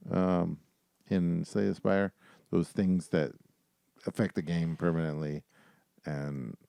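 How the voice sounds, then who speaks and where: A man's voice: low-pitched, steady tone, takes it slowly, vocal fry, dark tone, no echo, clean studio sound. A man co-hosting a gaming podcast, talking casually and rambling with lots of fillers. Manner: laid-back, rambling with many fillers. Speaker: podcast co-host. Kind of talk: casual chat.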